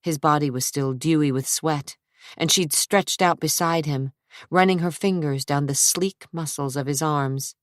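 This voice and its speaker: A woman narrating an audiobook in a measured, unhurried way, close to the mic. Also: sits low, no echo. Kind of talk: scripted narration.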